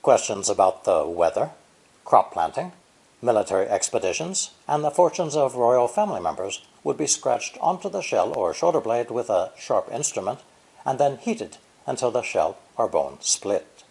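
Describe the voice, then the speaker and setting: Husky older man teaching a lesson. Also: mid-range voice, sing-song, darkish tone, low-quality recording. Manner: measured, explanatory, stresses syllables and tones. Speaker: language teacher. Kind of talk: scripted lesson narration.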